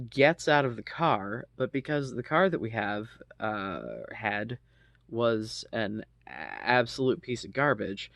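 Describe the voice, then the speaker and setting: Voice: mid-range voice, fairly bright tone, no echo. An adult in their thirties casually telling a personal story, rambling with lots of ums and asides and swearing freely.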